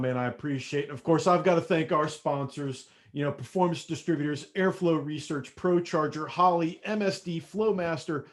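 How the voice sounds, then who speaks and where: A man hosting a podcast, talking in a casual, friendly way with his guest. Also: fairly high pitch. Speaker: podcast host. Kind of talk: podcast interview.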